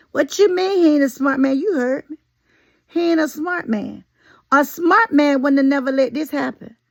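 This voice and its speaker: Sassy high-voiced woman with a gravelly edge. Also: no room sound, dull audio. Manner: animated, folksy and sassy, talks straight at viewers. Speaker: commentary vlogger. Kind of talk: casual opinion commentary.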